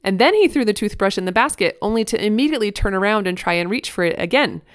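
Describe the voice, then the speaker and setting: A woman in her thirties hosting a parenting podcast, speaking earnestly, laughing softly now and then as she reads her own blog post. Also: mid-range voice, lively intonation, fast talker, clean tone, no room sound, studio quality. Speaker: podcast host.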